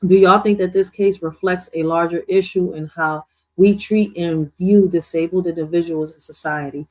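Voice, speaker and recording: A man's voice: high-pitched, steady tone, moderate pace, a little mellow. A man co-hosting a news commentary show, talking casually with heated, profane outbursts. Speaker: co-host.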